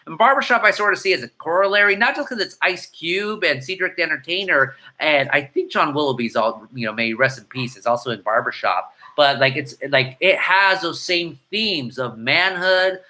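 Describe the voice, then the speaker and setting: A middle-aged man, casually answering viewer comments with irreverent, rapid-fire banter and slipping between Spanish and English. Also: a little high, bright, forceful tone. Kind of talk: casual live-stream chat.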